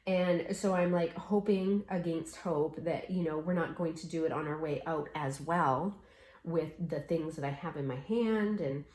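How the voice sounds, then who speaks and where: A woman's voice: deep voice, a little slow, darkish tone, echoey room. A middle-aged woman chatting casually while she stitches, telling stories and acting out the voices of people in them. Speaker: cross-stitch vlogger.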